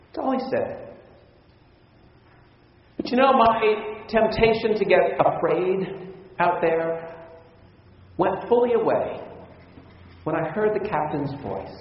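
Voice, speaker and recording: High-voiced preacher in an echoey hall. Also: male voice, big pitch swings, slow pace, pauses often. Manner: storytelling with chuckles and direct address to listeners. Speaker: pastor. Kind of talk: sermon with personal story. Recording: echoey hall, distant mic, dull sound.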